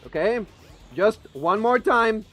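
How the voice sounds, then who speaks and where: A high-voiced male streamer with a native Spanish speaker's English swings his pitch all over as he plays. He curses freely, pleads with the game and yells at it, with faint music playing underneath. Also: takes it slowly. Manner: profane, excitable, pleading with and yelling at the game. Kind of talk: live gameplay commentary.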